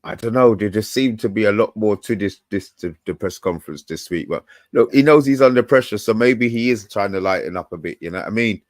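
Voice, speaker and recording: A man co-hosting a casual live fan show, relaxed and hesitant in his talk. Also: fairly low pitch, fairly quick, hardly any pauses, dry recording. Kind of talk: casual live-stream chat.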